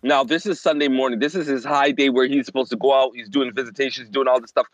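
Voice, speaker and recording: A man's voice: mid-range voice, quick pace, no room sound, poor audio. A man in his forties, a minister and family therapist, telling a personal story as a podcast guest and acting out the voices of others. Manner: animated, acts out the voices of others.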